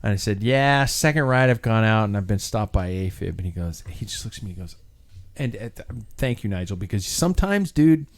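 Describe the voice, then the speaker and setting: A man's voice: on the low side, expressive, a little fast. A man hosting a casual cycling chat, telling a rambling story with many restarts and fillers. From United States.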